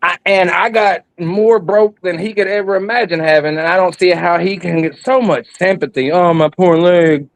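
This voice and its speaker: A man's voice: high-pitched, steady tone, moderate pace, creaky, hardly any pauses, no echo, low-quality recording. A man in his thirties talking heatedly and profanely in casual chat, rambling as he gets worked up. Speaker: guest.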